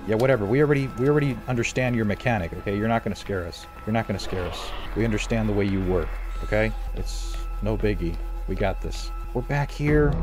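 A man doing let's play commentary on a horror game, excitable, repeating phrases over and over and swinging between low mutters and loud outbursts. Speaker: gameplay commentator.

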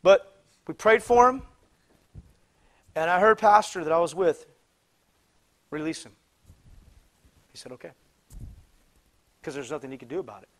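A man with a fairly high voice preaches from a church pulpit, telling a personal story. He talks in halting restarts and repeated phrases, and at times climbs into loud, emphatic cries. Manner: animated, many restarts, rising to loud exclamations. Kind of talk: sermon storytelling. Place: church sanctuary.

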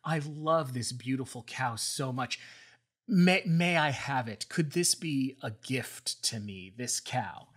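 A man's voice: medium pitch, lively intonation, slow pace, a bit bright, husky, exaggerated voice. A man voicing a sly goddess who speaks with mock sweetness in a storytelling podcast. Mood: mock-sweet. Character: sly, sugary female goddess Hera.

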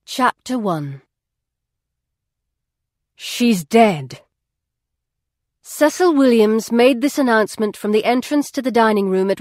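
A woman reading a novel aloud as an audiobook narrator, in an even, measured storytelling voice. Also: mid-range voice, no room sound. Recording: dry studio.

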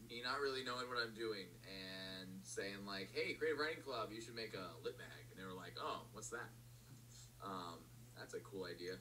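A man's voice: lowish voice, sharp tone, recorded from a distance, slight background noise, rough recording. A young male teacher answering interview questions casually, rambling with lots of fillers and laughs. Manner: rambling, halting, laughs often, many fillers. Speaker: teacher and magazine founder.

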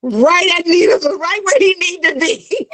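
A woman's voice: very high-pitched, lively intonation, unhurried, a bit bright, dry recording, rough recording. A young adult woman in casual chat, retelling a story with acted-out character voices and frequent laughter. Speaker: guest.

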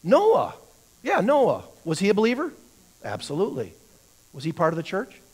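A man's voice: sits high, wildly swooping pitch, normal speed, slightly rough. A man teaching a church Bible class, who asks the class questions, answers them himself and often repeats words while he thinks.

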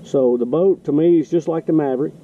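A man's voice: on the high side, fairly quick, mellow, slight background noise. Folksy man on a lake. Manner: rambling, self-correcting, folksy. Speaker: fishing vlogger. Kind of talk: casual outdoor vlog narration. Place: kayak on a lake outdoors. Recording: distant, muffled outdoor camera audio.

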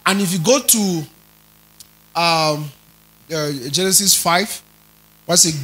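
A man preaching a teaching sermon, stretching and stressing key words, rising to loud emphasis and checking in with his listeners. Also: high voice, big pitch swings, slow pace, long pauses, rough recording. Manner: checks in with listeners, tells them to underline words.

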